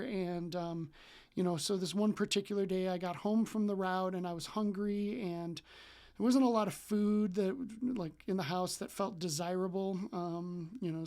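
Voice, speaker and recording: A man in his forties from Wisconsin, a coach telling a personal story in a loose, chatty way, full of ums and likes, and acting out remembered dialogue. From Wisconsin, USA. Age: 40s. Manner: acts out remembered dialogue with jumps in pitch and loudness. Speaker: relationship coach.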